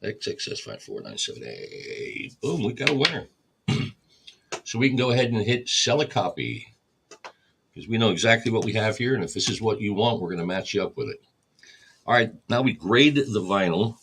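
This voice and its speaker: A man's voice: lowish voice, animated, fairly quick, a bit bright, a little hiss or hum. A man hosting a record store livestream, casually explaining each step while he catalogs vinyl. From United States.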